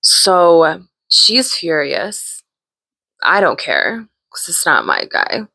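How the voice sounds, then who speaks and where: A woman's voice: on the low side, big pitch swings, very slow, gravelly, sharp tone, no room sound. A woman hosting a podcast, casually telling a story, laughing often and acting out what people said. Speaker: podcast host.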